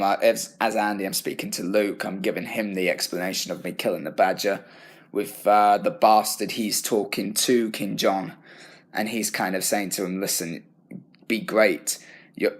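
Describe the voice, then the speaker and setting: A young British man, a drama student, talking through his own feedback in a thoughtful, halting way. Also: on the low side. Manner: thoughtful, self-correcting, halting. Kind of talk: reflective self-assessment talk.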